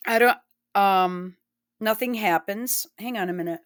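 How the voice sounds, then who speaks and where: A woman's voice: mid-range voice, a little slow. A woman giving blunt, profane and emotional commentary while reacting to news clips. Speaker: online commentator.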